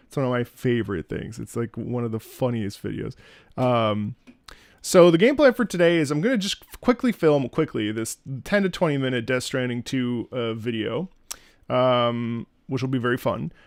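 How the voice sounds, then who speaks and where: A man with a gravelly, creaky voice hosts a laid-back live stream from home. His pitch swings around a lot as he chats, and the sound is dry and close with no room echo. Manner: chatty and animated, laughs often, many fillers. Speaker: streamer hosting a music listening stream. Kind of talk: casual live-stream chat.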